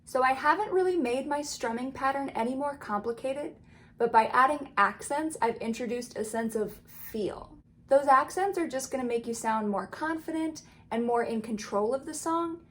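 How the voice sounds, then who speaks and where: A woman teaching ukulele in a casual, friendly tutorial, explaining rhythm and counting beats aloud. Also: fairly high pitch. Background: ukulele strumming.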